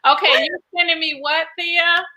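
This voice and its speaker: A woman from the United States hosting a live stream, talking in an animated, folksy way and calling her viewers y'all and honey. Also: very high-pitched, normal speed. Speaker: host. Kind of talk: casual chat on a live stream.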